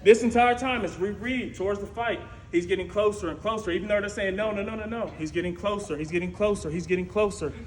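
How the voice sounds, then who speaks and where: High-voiced man preaching a story sermon. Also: quick pace, hardly any pauses. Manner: lively, conversational, frequent "right?" asides. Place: church sanctuary. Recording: echoey church room with faint noise.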